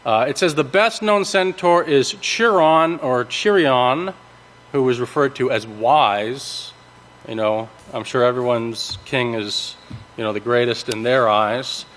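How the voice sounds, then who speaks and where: A man giving a sermon, teaching from scripture in a halting way with many ums, restarts and checks of "okay?". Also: medium pitch, fairly bright tone. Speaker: preacher. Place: large worship hall. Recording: long reverb of a large hall.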